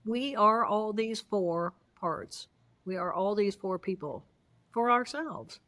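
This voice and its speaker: A woman's voice: medium pitch, slow. A woman, a guest expert, telling stories in an interview and playfully acting out the voices of people in them. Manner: acts out voices, playful, expressive. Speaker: guest neuroanatomist. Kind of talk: animated interview storytelling.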